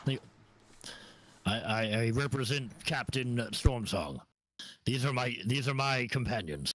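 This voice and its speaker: A man's voice: medium pitch, animated, fairly bright tone, no echo. A man doing a stammering pirate envoy. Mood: urgent. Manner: stammering, hurried.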